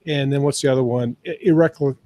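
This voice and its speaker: A man with an ordinary mid-range voice chats on a podcast. He lays out his thoughts carefully, circling back and reasoning step by step in a relaxed way. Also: mid-range voice, fast talker, no room sound. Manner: thoughtful, explains ideas at length. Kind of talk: casual podcast chat.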